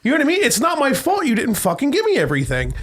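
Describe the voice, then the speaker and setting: High-voiced man ranting through a story. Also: wildly swooping pitch, rapid-fire, fairly bright tone. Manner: profane rambling storyteller, mimics others in a higher voice. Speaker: podcast co-host. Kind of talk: casual chat.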